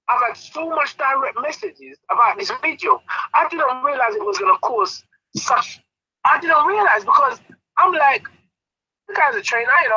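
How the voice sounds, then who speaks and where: Bright, laughing man. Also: very high-pitched, gravelly, breathy edge, highs cut off. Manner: laughing, animated storytelling. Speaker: boxing trainer. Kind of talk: casual interview chat.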